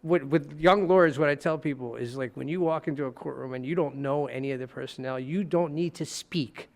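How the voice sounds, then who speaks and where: A man, a trial lawyer, telling animated courtroom stories in casual podcast talk. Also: on the high side, fairly quick, creaky. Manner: animated, acting out courtroom scenes. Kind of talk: storytelling in casual podcast chat.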